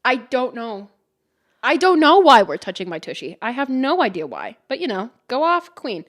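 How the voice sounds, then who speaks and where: This is a young woman hosting a casual podcast, with a voice a touch higher than most. She tells stories in an animated, unfiltered way, swearing and laughing as she goes. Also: moderate pace. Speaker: podcast host. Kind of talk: casual chat.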